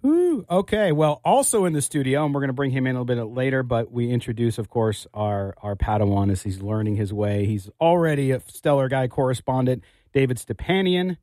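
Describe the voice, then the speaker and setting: A man's voice: medium pitch, lively intonation, brisk, few pauses, dark tone, no echo. A man hosting a sports radio talk show in a studio, upbeat and joking with his co-hosts. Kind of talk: casual sports radio chat. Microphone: studio microphone.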